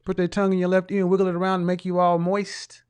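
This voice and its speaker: This man's voice sits high and is monotone, fast, a little mellow and clean. Hosting a live stream, he reads viewer comments aloud and mocks them with teasing rhetorical questions and bursts of laughter.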